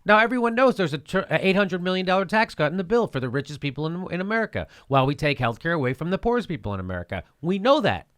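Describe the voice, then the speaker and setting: A man's voice: sits high, sing-song, very fast, few pauses, fairly bright tone. A man hosting a show, giving heated political commentary, indignant and sarcastic, repeating his points with profanity. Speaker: host.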